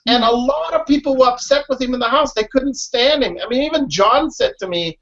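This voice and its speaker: A man's voice: extremely high pitch, brisk, a bit bright. A man, a guest in a casual interview, talking emphatically and often saying "listen" and "you know what I mean.". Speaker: guest, former reality show contestant. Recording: dull lo-fi recording.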